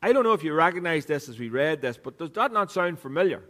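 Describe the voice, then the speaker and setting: A man's voice: a little high, sing-song, quick pace, a bit bright. A man preaching a sermon on a microphone, conversational and joking, teasing people in the congregation as he talks. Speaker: pastor. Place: church hall. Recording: reverberant hall sound.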